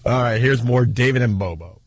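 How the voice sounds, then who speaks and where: A man's voice: mid-range voice, brisk, no echo. Wry man hosting a radio talk show. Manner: wry, mocking.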